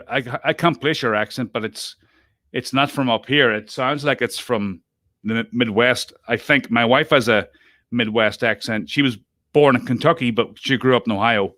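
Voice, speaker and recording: Chatty male podcast host, bright voice. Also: medium pitch, dry recording, studio quality. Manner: chatty, self-interrupting, laughs often. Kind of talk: casual group chat.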